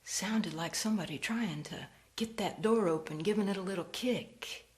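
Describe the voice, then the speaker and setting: A woman storyteller performing a ghost story, slow and hushed, dropping to whispers. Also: medium pitch.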